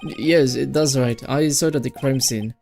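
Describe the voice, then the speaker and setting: A man's voice: medium pitch, moderate pace, creaky, darkish tone, soft background music, natural voice. A man reading a jittery, stammering male witness. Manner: stammering, pleading. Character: nervous young male witness swearing innocence.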